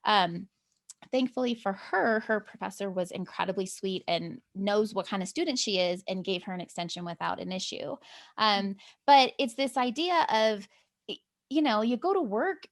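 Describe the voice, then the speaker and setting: A mother in her forties leads a relaxed group conversation. Her voice sits at an ordinary middle pitch, and she talks in a chatty, confessional way, thinking out loud. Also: normal speed. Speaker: homeschool mom and discussion host. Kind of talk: casual panel chat.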